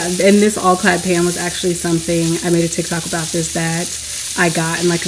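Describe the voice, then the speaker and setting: A woman chatting casually as a home cooking vlogger, rambling along with frequent small laughs. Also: fairly low pitch. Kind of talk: casual voice-over chat. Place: home kitchen. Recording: clear cooking noise behind.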